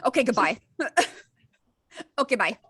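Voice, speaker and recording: A woman's voice: a little high, expressive, unhurried, fairly bright tone, slightly rough. A woman co-hosting a podcast in casual chat, wry and a little hesitant, laughing along. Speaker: podcast co-host.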